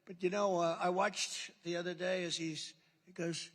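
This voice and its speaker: A political speaker with a high-pitched, fairly bright voice talks at normal speed in a level tone. He's ad-libbing a rambling, boastful rally speech at a podium mic in a large indoor hall, repeating himself for emphasis; the amplified audio has a long hall reverb.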